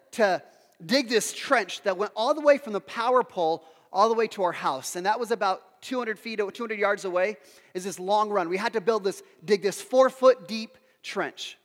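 A pastor preaching a sermon as an emphatic storyteller, building to loud, passionate peaks. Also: male voice, sits high, in a large hall.

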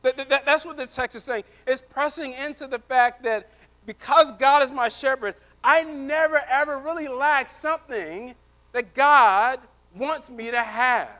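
A man preaching a sermon as pastor, shifting from loud emphatic declarations to hushed, soft passages, often repeating words as he presses a point. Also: very high-pitched, unhurried.

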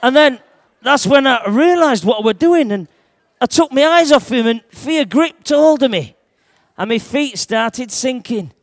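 A man tells a Bible story in the first person, in thick dialect, throwing in shouts at the big moments. His voice sits fairly high for a man, and the sound is close and dry. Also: measured pace, dry recording. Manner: broad dialect, lively, shouts at dramatic moments. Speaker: church storyteller.

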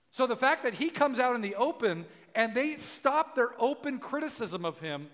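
A man preaching a casual sermon, chatting with his congregation and acting out quotes, rising to shouts for emphasis. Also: extremely high pitch, lively intonation, normal speed, hardly any pauses, big-room sound. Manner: conversational, acts out quotes, rises to shouting for emphasis. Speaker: pastor.

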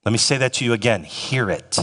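A man's voice: medium pitch, lively intonation, pushed and bright. Emphatic male pastor in a reverberant hall. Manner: emphatic, slows down to stress scripture phrases. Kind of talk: sermon.

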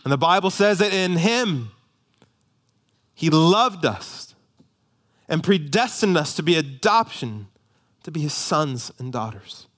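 A man in his thirties, a pastor preaching a sermon, swinging from loud emphasis to hushed near-whispers. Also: a little high, sing-song, slow, long pauses.

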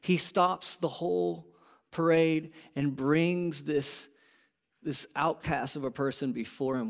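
Pastor, male, slightly high voice, lively and conversational, big emphatic builds. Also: takes it slowly, vocal fry. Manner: animated, rising to emphatic peaks then dropping low; conversational asides and rhetorical questions. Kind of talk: sermon.

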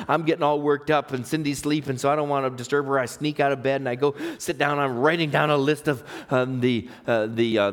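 A man preaching a sermon, swinging between emphatic, raised exhortation and quiet personal storytelling. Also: medium pitch. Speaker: pastor.

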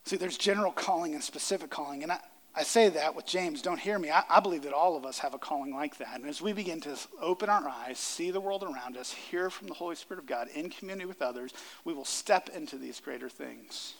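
A man's voice: a little high, fast, a bit bright. A man preaching a sermon as pastor to a congregation in a church, earnest and repeating phrases for emphasis. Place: church sanctuary before a congregation. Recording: reverberant hall sound.

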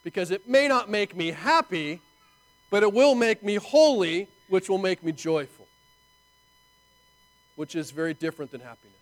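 A man preaching a sermon in an animated, conversational way, full of rhetorical asides to his listeners. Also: sits high, moderate pace, long pauses, rough recording. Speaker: pastor.

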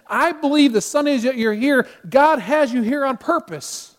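A man's voice: very high-pitched, a little fast, few pauses. A male pastor preaching a Sunday sermon, asking the congregation direct questions and closing in prayer. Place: church sanctuary. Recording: long hall reverb.

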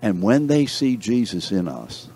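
A man with a lowish, husky voice speaks at a measured pace as he teaches a Bible lesson to a class. He's an animated storyteller who tells jokes and calls on his students by name.

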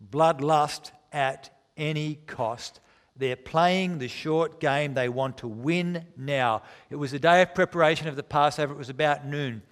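A man preaching a sermon, reading scripture aloud with dramatic, deliberate pacing and slowing down for emphasis. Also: a little high, big-room sound.

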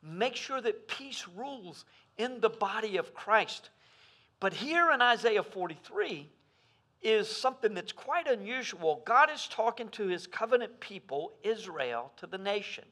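A man preaching a sermon as pastor, swinging between loud emphasis and hushed asides. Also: high voice, expressive, a little slow.

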